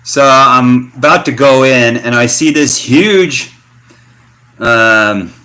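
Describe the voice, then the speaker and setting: Middle-aged American man, slangy storyteller on a vlog, bright forceful voice. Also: medium pitch, slow pace. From United States. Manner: slangy, animated storytelling with fillers. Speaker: vlogger. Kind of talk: casual rambling vlog talk.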